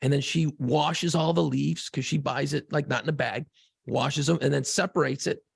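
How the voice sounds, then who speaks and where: A man's voice: a little high, fairly even intonation, normal speed, dry recording, studio quality. A man co-hosting a casual podcast, swearing freely and rambling through a long story about home life. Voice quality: gravelly. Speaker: podcast co-host.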